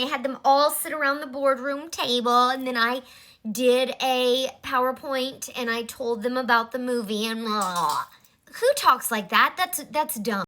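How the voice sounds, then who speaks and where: A woman's voice: sits high, a little slow, sharp tone. A woman in her forties giving a blunt, exasperated commentary in a vlog. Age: 40s. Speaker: vlogger.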